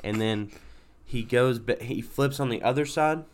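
Unhurried and medium-pitched, this podcast co-host spins an absurd tall tale with mock-earnest sincerity amid loose, rambling chat. Slight background noise is audible.

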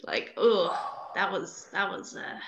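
A woman's voice: on the low side, lively intonation, takes it slowly, slight background noise. A young woman in a casual podcast chat, chatty and gushing, with lots of fillers. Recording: dull, echoey room sound.

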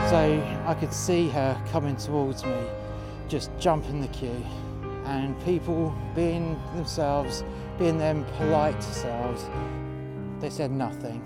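A man telling a rough, profane story in a blunt, tough-talking way, recorded outdoors. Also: fairly high pitch, takes it slowly, loud music behind the voice. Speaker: storyteller, door security worker. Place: outdoors in freezing cold.

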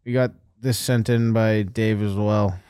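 A man's voice: lowish voice, fairly even intonation, unhurried, mellow, smooth, dry recording, studio quality. A man co-hosting a podcast in crude, laughing casual banter. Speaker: podcast co-host. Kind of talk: casual chat.

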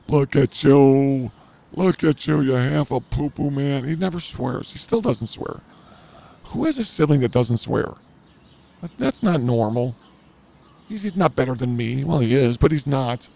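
A man's voice: mid-range voice, creaky, mellow. A man hosting a podcast, telling a crude story in a rambling, self-mocking comedic way. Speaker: podcast host.

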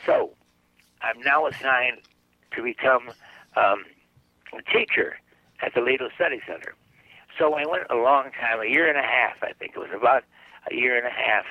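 An older man, appearing as a guest psychic on a radio show, tells a rambling story and slips into the voices of its characters. His medium-pitched voice moves at a moderate pace with long pauses, coming through a dry, narrow, phone-like line with no room sound.

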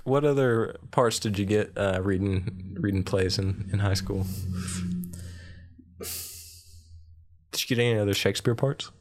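A man's voice: lowish voice, measured pace, pauses often. A young man co-hosting a podcast, chatting casually in a rambling, easygoing way full of fillers. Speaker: podcast co-host. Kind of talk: casual chat.

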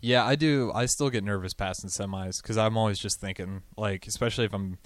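Male radio co-host, easygoing, lower voice, dry studio sound. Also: a little fast, no echo. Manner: easygoing, asks questions. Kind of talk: casual radio chat. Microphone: studio microphone.

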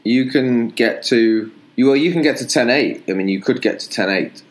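A young British man co-hosting a podcast, running a slang quiz in loose, sweary banter with lively jumps in pitch. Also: moderate pace. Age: young adult. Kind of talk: casual banter.

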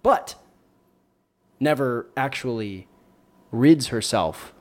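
A man's voice: mid-range voice, animated, slow. A man co-hosting a casual movie podcast, recapping plots in a playful, sarcastic way. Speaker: podcast co-host.

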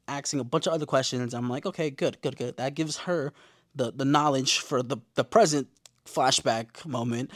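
A young man casually recapping TV episodes from his notes, slangy and profane, with lively asides. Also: mid-range voice, no echo, studio quality. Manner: slangy, profane, animated storytelling. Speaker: show recap host.

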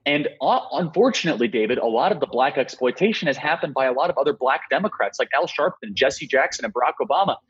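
A man's voice: mid-range voice, animated, fairly bright tone, slightly rough, dull audio. A young man arguing emphatically as a guest in a political interview. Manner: emphatic, rapid argumentative delivery.

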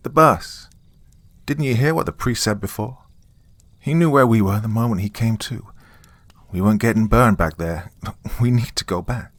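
A man's voice: fairly low pitch, normal speed, pauses often, fairly bright tone, no echo, voice pushed up. Give me a man playing an insistent doctor in an audiobook, raised and urgent.

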